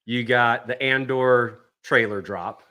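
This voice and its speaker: A man co-hosting a podcast, recapping a convention in an easygoing way, often trailing off softly at the end of a thought. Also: medium pitch, slow. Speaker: podcast co-host. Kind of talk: casual chat recap.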